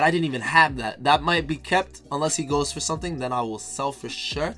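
A man's voice: a little high, a little fast, few pauses, sharp tone, soft background music. A man giving casual, hyped commentary while opening packs in a video game, talking straight to his viewers and repeating phrases. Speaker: gaming YouTuber.

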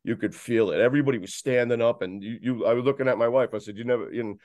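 A man chatting casually as a guest, telling a long story in a lively, rambling way with many restarts. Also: mid-range voice, rapid-fire, no room sound, studio quality. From New York. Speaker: guest describing a concert. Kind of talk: casual chat.

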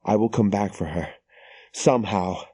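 A man's voice: fairly low pitch, normal speed, mellow, slightly rough, dry recording, studio quality. A man voicing an earnest young hero who speaks with urgency in an audiobook reading. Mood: urgent.

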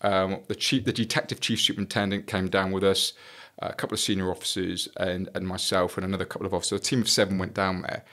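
A man's voice: deep voice, little pitch movement, quick pace, hardly any pauses, a bit bright. A middle-aged man, a former police detective, telling a story on a podcast in a blunt way, swearing freely and acting out the dialogue.

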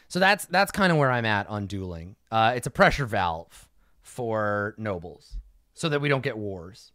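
A man running a casual livestream Q&A as game master, blunt and profane, tossing off quick mock dialogues. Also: on the low side, sing-song, fairly bright tone, no room sound, studio quality. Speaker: game master answering fan questions.

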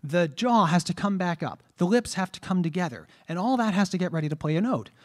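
A high, darkish-toned male voice, animated and fairly quick, leads a trombone masterclass lecture. He breaks down breathing with rhetorical questions and shows vowel sounds as examples.

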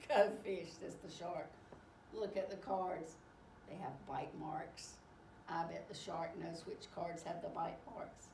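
A woman reading a picture book aloud to children, animated and expressive as she tells the story. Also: on the low side, slow. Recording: echoey room, distant mic, faint hiss.

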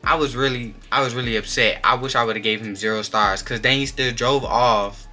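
A young man telling a personal story in a casual storytime vlog, animated and slangy, filling his speech with "like". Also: mid-range voice, normal speed, soft background music. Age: young adult. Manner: animated, slangy, many filler "like"s. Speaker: vlogger.

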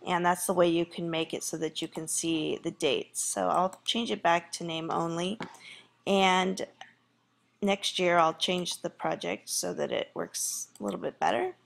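A woman's voice: on the low side, fairly even intonation, unhurried, gravelly. A woman teacher walking through a screen tutorial in a casual way, thinking aloud with fillers.

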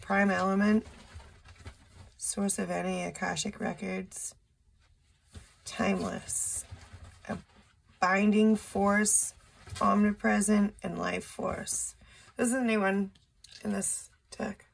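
A woman doing a casual solo tarot reading, slow and musing, thinking aloud with blunt asides. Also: mid-range voice, little pitch movement, gravelly, slightly rough. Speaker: tarot reader. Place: indoor room with a window.

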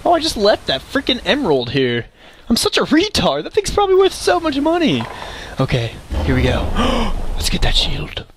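A man giving chatty, excitable let's play commentary, talking to the game's creatures. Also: very high-pitched, a little fast, a little hiss or hum. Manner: excitable, chatty, talks to game animals. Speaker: game streamer.

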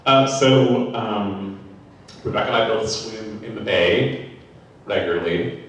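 A man's voice: lowish voice, takes it slowly. A man talking hesitantly with many fillers during an onstage conversation at a literary event in a large synagogue hall. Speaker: co-host of a literary salon. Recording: echoey hall from far off.

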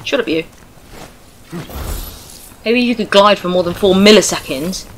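A British woman playing a video game, cursing, shouting at her character and laughing as she plays. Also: medium pitch, measured pace, slight background noise, poor audio. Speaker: gaming streamer. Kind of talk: casual let's-play commentary.

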